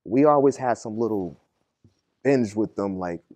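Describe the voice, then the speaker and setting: A man's voice: fairly low pitch, animated, unhurried, dark tone. A young man from telling his prison story in a podcast interview, heavy on slang and "you feel me.". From Boston, Massachusetts. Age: young adult. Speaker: guest.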